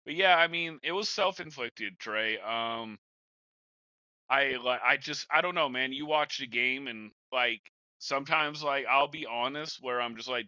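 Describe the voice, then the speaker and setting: Bright-voiced young man in casual podcast chat. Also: mid-range voice, unhurried, no room sound, low-quality recording. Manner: laid-back, rambling, says bro and man a lot. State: has the hiccups. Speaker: podcast host and Madden gamer.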